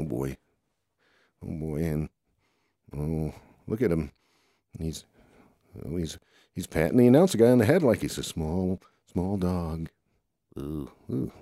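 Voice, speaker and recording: Very deep-voiced man, rambling playful storyteller. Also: warm tone, dry recording, studio quality. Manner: rambling, full of "oh boy" and groans. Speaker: storyteller voicing toy characters.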